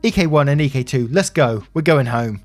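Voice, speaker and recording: A man's voice: mid-range voice, animated, a little fast, faint music behind, voice pushed up, close to an everyday voice. A man reading a scornful entitled mother. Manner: scornful, blunt. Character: rude entitled mother, mid-thirties.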